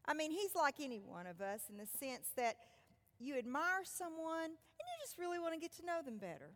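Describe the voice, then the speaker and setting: Woman preacher, sermon storytelling, lively swooping pitch, long reverb. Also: moderate pace. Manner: animated storytelling, swinging between loud and hushed. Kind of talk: sermon retelling a scripture story.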